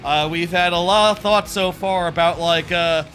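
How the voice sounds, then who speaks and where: A man's voice: high-pitched, fairly even intonation, moderate pace, a bit bright, soft background music. A man streaming a video game, giving casual commentary and thinking aloud in a rambling way.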